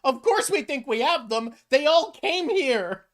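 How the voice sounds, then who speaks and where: A woman streamer from North America rants in a casual chat, emphatic and quick to swear. Her voice sits on the higher side. She speaks in a loose, conversational way. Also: very animated. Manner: emphatic, ranting, swears often. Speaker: streamer host.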